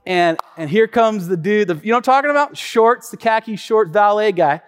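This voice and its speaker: A male pastor preaching in a chatty, animated storytelling way, full of asides and repetitions, heard in a reverberant church hall. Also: sits high, fairly quick, clear, resonant tone. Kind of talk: storytelling sermon.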